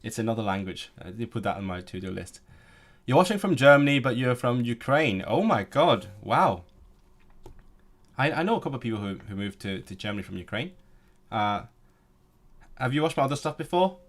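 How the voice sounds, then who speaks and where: A young man, in his late twenties, at a middle pitch. He chats on a live stream and answers viewers in a joking way, tripping over repeated words and restarting his sentences as he goes. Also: big pitch swings, brisk, pauses often. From Hong Kong. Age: late 20s. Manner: chatty and joking, with frequent stammered restarts. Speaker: language-learning streamer. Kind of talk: casual live-stream chat, reading out viewer comments.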